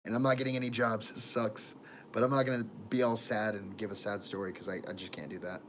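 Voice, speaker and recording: A man's voice: lowish voice, little pitch movement, fast, a little hiss or hum. A man rambling through casual livestream chat on a phone camera, laughing often and trailing off mid-thought.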